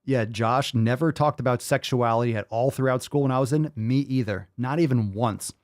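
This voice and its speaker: An exasperated male podcast host in his thirties rants casually, cursing freely and circling back over his points. His voice sits at an ordinary middle pitch, and the recording is dry and close. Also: normal speed, no room sound. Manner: profane, exasperated, repetitive. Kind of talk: casual ranting commentary.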